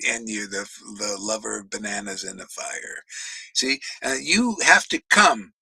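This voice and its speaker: A man preaching with fire, shouting in bursts, then dropping to a mutter, swearing often. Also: medium pitch, husky, no echo, rough recording. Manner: swings from shouting to muttering, profane. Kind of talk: fiery devotional preaching.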